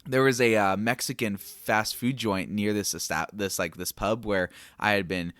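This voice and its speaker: A low-pitched man telling a personal faith story in an engaging, conversational way, often slipping into the voices of the people he quotes. The recording is dry and close, with no room sound. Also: normal speed, clear, resonant tone, dry recording. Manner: lively storyteller who acts out dialogue. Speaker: podcast host.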